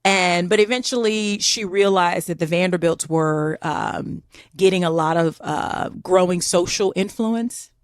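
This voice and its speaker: Lady podcast host telling a history story, lowish voice, chatty and lively, dry close sound. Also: a little slow, dry recording. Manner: chatty, animated, says "girl" and "like". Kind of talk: casual storytelling chat.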